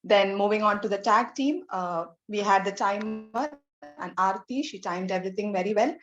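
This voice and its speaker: A woman's voice: medium pitch, normal speed, lo-fi sound, soft background music. A woman giving a general evaluator's report at a club meeting, repeating herself and filling gaps with fillers. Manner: repetitive, loose phrasing with fillers.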